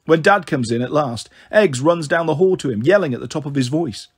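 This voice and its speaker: A man's voice: a little high, animated, a little fast, husky. A man reading a first-person novel aloud in a wry, sulky narrating manner. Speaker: audiobook reader.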